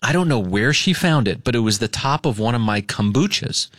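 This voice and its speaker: Animated man telling a story on radio. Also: mid-range voice, fairly quick, no echo, clean studio sound. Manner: lively, acts out quotes in a raised voice. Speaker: radio show host.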